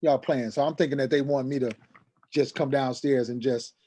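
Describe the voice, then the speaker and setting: A middle-aged man with a mid-range voice tells a story from his own life. He slips into the voices of the people in it, and his pitch jumps up whenever a scene gets heated. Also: fairly even intonation, moderate pace, warm tone, slightly rough. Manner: acts out quoted dialogue, voice rising sharply when agitated. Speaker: guest telling a personal story. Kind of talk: animated storytelling.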